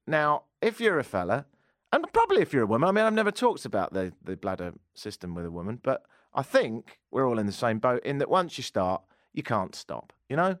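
A man's voice: mid-range voice, wildly swooping pitch, brisk, no echo, clean studio sound. An English man hosting a talk show, telling a casual, self-mocking anecdote. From England. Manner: chatty, self-mocking storyteller. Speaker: radio talk show host.

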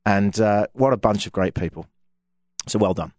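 A man's voice: lowish voice, normal speed, darkish tone, no echo, studio quality. A young British man hosting a radio show, chatting casually and jokily straight to his listeners. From Britain. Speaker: radio host.

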